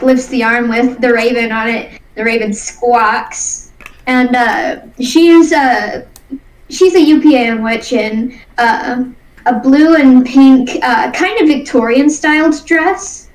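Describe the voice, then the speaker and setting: A woman narrating her character's actions in a tabletop game. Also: sits high. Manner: describes actions in a running narration. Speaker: player. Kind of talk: casual tabletop play. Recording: roomy, distant mic.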